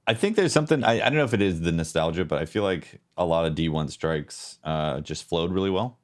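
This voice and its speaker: A male podcast co-host chatting casually, with a playful, joking manner. His voice sits low but moves around a lot in pitch. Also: expressive, fairly quick. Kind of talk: casual chat.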